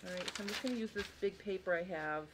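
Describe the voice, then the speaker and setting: A woman's voice: mid-range voice, quick pace, noisy background. A woman hosting a live sewing tutorial, chatty and apologetic as she walks viewers through tracing a pattern and greets them by name. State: tired, yawning. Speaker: sewing instructor and host.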